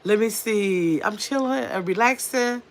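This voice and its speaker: Relaxed woman chatting on a home livestream. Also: mid-range voice, a little slow. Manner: relaxed, chatty, reads out viewer comments. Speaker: livestream host. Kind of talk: casual live chat with viewers. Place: at home in pajamas.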